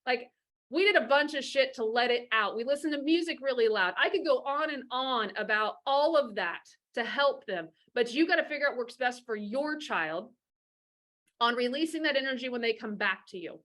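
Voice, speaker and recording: A woman's voice: a little high, animated, normal speed, a bit bright. A middle-aged woman giving blunt, profane advice on divorce and parenting, talking fiercely and emphatically. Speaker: divorce coach.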